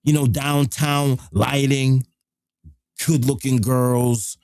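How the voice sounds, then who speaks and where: A middle-aged man, hosting a live show and telling a rough, profane story in casual street slang. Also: medium pitch, steady tone, slow pace, darkish tone, no room sound, studio quality.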